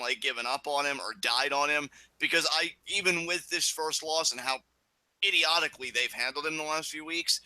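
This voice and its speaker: A young man with a very bright, forceful voice, chatting casually as a co-host of a wrestling review. He talks emphatically, swears freely and breaks into animated bursts when something excites or annoys him. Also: fairly high pitch, no echo, rough recording. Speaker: podcast co-host.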